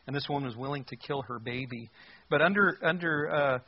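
A man's voice: medium pitch, a little fast, husky, highs cut off. A man teaching a Bible passage in a casual, conversational way, with wry asides and emphatic bursts.

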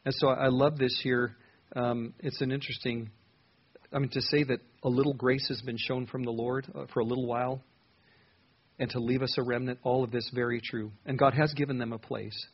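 A man's voice: mid-range voice, breathy edge, dull audio. A man preaching an earnest sermon, reading scripture aloud and stressing words as he goes. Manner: earnest, reads scripture aloud with rising emphasis.

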